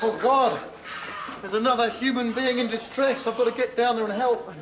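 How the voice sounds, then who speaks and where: An actor playing a cowardly man who frets aloud about rushing to help someone. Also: very high voice, steady tone. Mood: fretful. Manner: fretful, breathless self-talk. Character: cowardly man dithering over a rescue. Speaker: sketch performer. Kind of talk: comic monologue before a live audience. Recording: dull echoey recording with loud noise.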